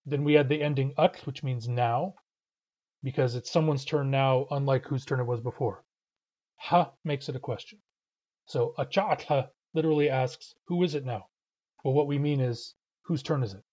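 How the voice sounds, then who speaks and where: A man's voice: mid-range voice, normal speed, a little mellow, highs cut off. A man teaching a language class, explaining words and sentences patiently and methodically. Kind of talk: online language lesson.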